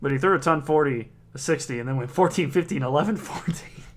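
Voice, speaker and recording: A man's voice: on the high side, fast talker, background noise. A man giving casual play-by-play commentary on a darts league, chatty, reading out scores and viewer comments.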